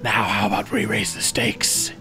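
A man voicing a sly, menacing male devil who runs a casino, speaking slowly and gloating. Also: lowish voice, big pitch swings, vocal fry, music in the background, voice pushed down.

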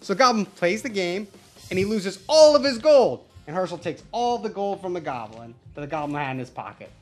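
A man hosts a livestream and tells a playful story casually, his voice rising and falling with lots of life. Faint music sits quietly behind him. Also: sits high, expressive, fairly quick. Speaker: livestream host.

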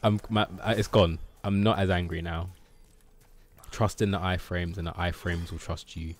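A man's voice: deep voice, fairly even intonation, normal speed. A man streaming gameplay, muttering to himself and swearing in frustration. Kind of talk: casual live gameplay commentary.

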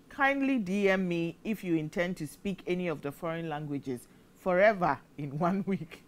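A Ghanaian woman presenting on air, reading viewer comments aloud in a loud, animated way and laughing as she goes. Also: on the low side, moderate pace. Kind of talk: lively commentary mixing English and Twi.

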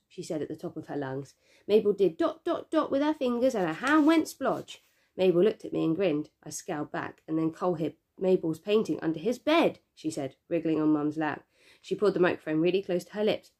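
A woman's voice: fairly low pitch, a little fast. Woman reading a children's story aloud. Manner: steady, expressive storytelling. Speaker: teacher.

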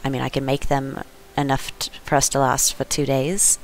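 A woman playing a tabletop game, halting and trailing off mid-sentence. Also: rumbling low, level tone, a little hiss or hum, rough recording. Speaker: player.

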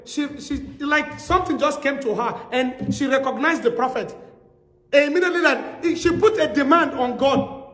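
Pastor, male, high-pitched storytelling sermon, echoey hall sound. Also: moderate pace, fairly bright tone. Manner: storytelling preacher, repeats phrases for emphasis.

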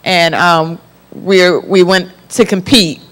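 A young woman from the Florida Panhandle sharing a personal testimony as a talk show guest, animated and laughing often. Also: fairly low pitch, takes it slowly.

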